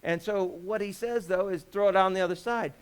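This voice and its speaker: A man's voice: sits high, fairly quick, smooth. Folksy joking man preaching a sermon. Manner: folksy, joking, full of rhetorical questions. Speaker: pastor. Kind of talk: conversational sermon.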